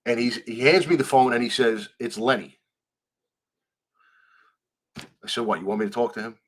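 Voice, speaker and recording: Male guest with a medium voice, animated storytelling, quotes others in different voices. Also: medium pitch, normal speed. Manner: animated, acts out quoted dialogue, swears freely. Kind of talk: storytelling in a conversational interview.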